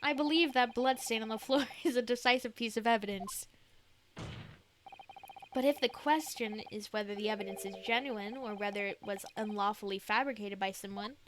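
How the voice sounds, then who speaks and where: A woman voicing an earnest young male defense lawyer in her own voice, reading formal game dialogue in a measured way. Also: a little high, slight background noise, close to an everyday voice.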